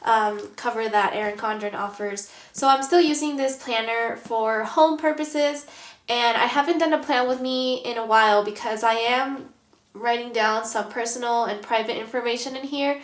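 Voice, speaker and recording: A woman's voice: fairly high pitch, moderate pace, roomy sound. Stuffy-nosed woman vlogger, chatty. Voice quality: nasal, stuffy. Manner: chatty, many ums. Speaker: planner vlogger. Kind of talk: casual show-and-tell vlog.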